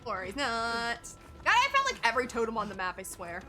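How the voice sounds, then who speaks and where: A woman streamer giving excitable, laughing commentary on her gameplay as she talks to the teammates on screen. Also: on the high side, a little fast, soft background music.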